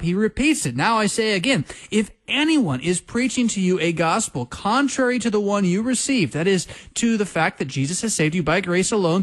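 A man leading a bible study on a radio program. His voice sits a little high, and he teaches with fiery, emphatic energy, pressing each point hard and laughing now and then. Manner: passionate, emphatic, with quick laughs. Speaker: pastor.

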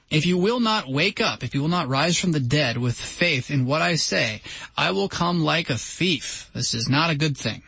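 Male talk host, somewhat high husky voice, emphatic Bible-teaching delivery, dry studio sound. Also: dry recording, poor audio. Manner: emphatic, lively reading of scripture with asides. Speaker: radio talk show host.

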